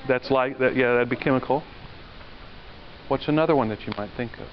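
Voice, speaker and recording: A man's voice: medium pitch, a little fast. A male university lecturer giving a classroom lecture, talking conversationally, asking the class questions and telling stories along the way. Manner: conversational, asks the class questions, tells anecdotes. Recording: dull lo-fi lecture recording with faint noise.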